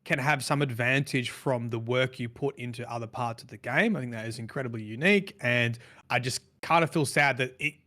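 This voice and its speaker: A man's voice: medium pitch, a little fast, few pauses, bright, forceful tone. Reflective man chatting on a podcast. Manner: reflective, rambling with restarts. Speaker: podcast co-host. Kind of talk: casual podcast chat.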